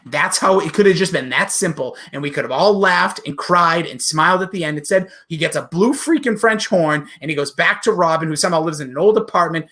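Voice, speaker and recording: A man's voice: fairly high pitch, expressive, brisk, few pauses, fairly bright tone. A man co-hosting a podcast in casual chat, ranting heatedly and swearing. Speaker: podcast co-host.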